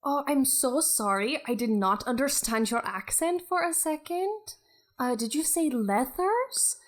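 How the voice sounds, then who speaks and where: A woman playing a Scottish shipboard bookworm, courteous, slow, high voice, quick to suspicion. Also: lively intonation. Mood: polite. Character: polite, prickly young woman reading aboard a ship.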